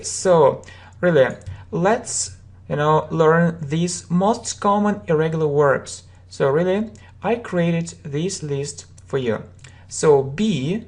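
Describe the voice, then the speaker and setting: A woman's voice: low voice, a little mellow. A woman teaching English, reading out verb forms and example sentences and explaining them patiently, with frequent "you know" and "uh" fillers.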